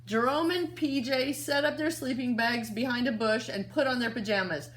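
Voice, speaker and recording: Woman teacher, storybook read-aloud, expressive, quizzes the kids, a bit high voice. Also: moderate pace, slight background noise. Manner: expressive, asks the children questions. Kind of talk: reading aloud to young children.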